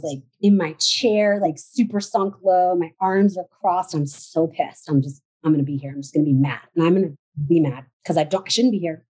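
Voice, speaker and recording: A woman's voice: on the low side, poor audio. A woman in her forties, a podcast guest, candidly telling her story and acting out her past thoughts in quotes. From United States. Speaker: podcast guest, shop owner.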